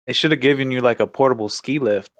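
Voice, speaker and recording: A man's voice: medium pitch, quick pace. A man on a casual gaming podcast who drops wry, joking remarks in short quips.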